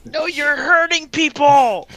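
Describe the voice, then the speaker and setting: A woman's voice: high voice, slow pace, fairly bright tone. A woman playing in a tabletop game, playful and laughing as she talks. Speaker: player.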